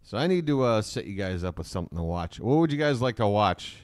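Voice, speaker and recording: A man's voice: lowish voice, very animated, quick pace, no room sound, studio quality. A man hosting a casual live stream from his laptop at home, rambling with self-mocking asides and reading out the chat.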